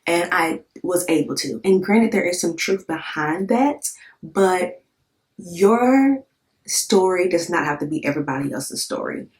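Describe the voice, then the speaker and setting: A woman in her thirties speaks with a low voice, talking straight to her viewers. Her storytelling is candid and emotional, full of fillers and quick repeats. She lets curse words slip when she quotes her own thoughts. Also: animated, darkish tone. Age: 30s. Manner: conversational with many fillers and repeats. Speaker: vlogger. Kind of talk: casual storytelling to camera.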